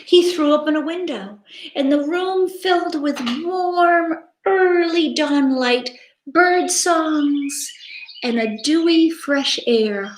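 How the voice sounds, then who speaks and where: A woman's voice: sits high, slow pace, a little hiss or hum. A woman reading a picture book aloud to children, dramatic and interactive, inviting listeners to join in. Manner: animated, interactive, dramatic gasps. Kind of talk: children's story read-aloud. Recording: echoey room.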